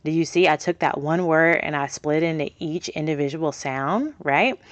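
A woman's voice: low voice, moderate pace, dry recording, dull audio. A woman hosting a podcast, explaining reading skills to parents in a chatty, upbeat way and often checking in with "okay?". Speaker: podcast host teaching parents early reading. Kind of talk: casual teaching talk to parents. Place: small home studio in a closet.

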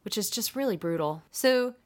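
A woman co-hosting a movie podcast in an easygoing, animated way. Her pitch sits in the middle range for a woman, and she laughs often as she talks. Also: moderate pace. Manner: animated, laughs often, does mock voices. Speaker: podcast co-host. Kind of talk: casual chat about films.

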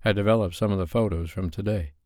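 A man voicing a protective man who speaks softly and tenderly to comfort his partner, in a low, dry voice. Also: steady tone, quick pace, no echo, lightly acted. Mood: gentle. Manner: soft, soothing, tender.

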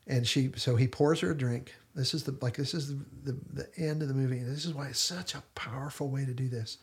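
A man's voice: mid-range voice, fairly even intonation, fairly quick, creaky. A man hosting a casual discussion podcast, retelling scenes in detailed storytelling fashion. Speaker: podcast host.

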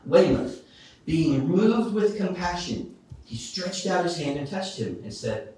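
A man's voice: on the high side, a little slow. Echoey male preacher reading scripture. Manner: reads Bible verses aloud, expressive and emphatic. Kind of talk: sermon. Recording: echoey room, voice from a distance.

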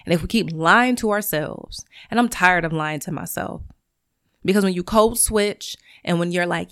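A woman's voice: fairly low pitch, normal speed, fairly bright tone, clean tone, dry recording, studio quality. A woman who is a teacher and podcast host, talking in a solo monologue in a blunt, profane and emphatic way.

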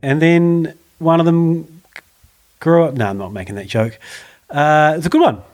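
A man's voice: on the high side, measured pace, darkish tone. A man co-hosting a podcast, chatty and jokey. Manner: chatty, jokey, laughs often. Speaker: podcast co-host. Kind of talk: casual podcast chat.

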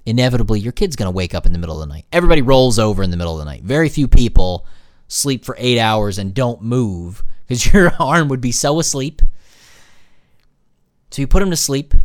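Animated, jokey man telling stories. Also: medium pitch, no room sound, studio quality. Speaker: podcast host and new father. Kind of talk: casual monologue.

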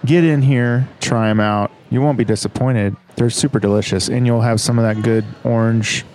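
A man's voice: medium pitch, steady tone, normal speed, a little mellow, faint music behind. Upbeat male food show host. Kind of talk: casual food review chat.

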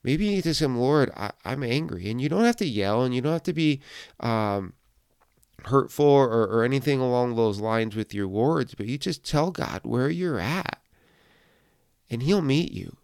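A man's voice: medium pitch, lively intonation, normal speed, a little mellow, smooth, no echo, studio quality. A middle-aged male pastor speaking earnestly and encouragingly in a reflective devotional podcast talk.

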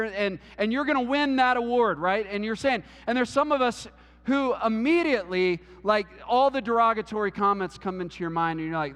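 A man's voice: sits high, fairly quick, a bit bright, big-room sound. A man preaching a sermon in a church, earnest, often restarting words and using "like" as a filler. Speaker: pastor.

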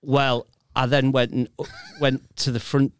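A man's voice: mid-range voice, level tone, unhurried, smooth, no echo, studio quality. A man in casual chat, speaking earnestly and emphatically, with some swearing.

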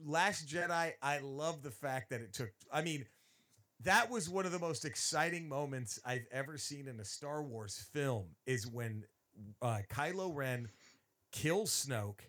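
A man chatting on a podcast in a bright, forceful voice pitched a little high. He swears freely and piles on emphatic riffs. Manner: profane, emphatic, riffing with laughter. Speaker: podcast co-host. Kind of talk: casual chat.

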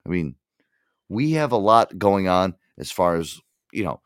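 A male show host with a low, animated voice and a dry, close sound. He rambles through casual chat, swearing freely and padding his talk with "like" and "you know". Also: measured pace, no echo. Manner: rambling, profane, full of fillers.

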